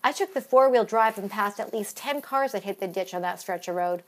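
A woman's voice: mid-range voice, brisk, lightly acted. A chirpy woman, played by a woman, folksy and proud of her home team. She talks in an easygoing way and drops eh and you betcha freely. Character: chirpy Canadian woman, hockey-loving, says eh.

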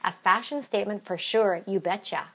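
A woman's voice: medium pitch, moderate pace, slightly rough. A woman voicing a chirpy, hockey-loving woman, speaking in a folksy way. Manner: folksy, peppered with eh and you betcha.

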